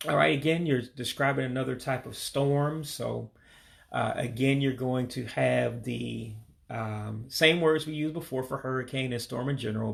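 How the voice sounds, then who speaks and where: Gravelly man teaching vocabulary. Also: mid-range voice. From Michigan, USA. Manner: repeats words slowly, hesitant with many fillers. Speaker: language learner teaching vocabulary. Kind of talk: casual spoken vocabulary lesson.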